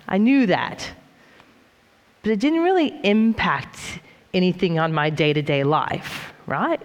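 A woman's voice: on the low side, big pitch swings, unhurried, lo-fi sound. A woman preaching a sermon in a conversational, reflective way, with frequent fillers and restarts, in a church hall. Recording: reverberant hall.

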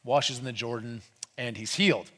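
A man preaching a sermon in a conversational way, retelling with lively asides. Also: mid-range voice, normal speed. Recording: long hall reverb.

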